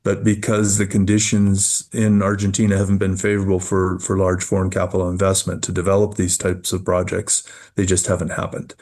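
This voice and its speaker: Low, flat-voiced man explaining business. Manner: measured, repeats words while thinking. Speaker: mining company CEO. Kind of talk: business interview answers.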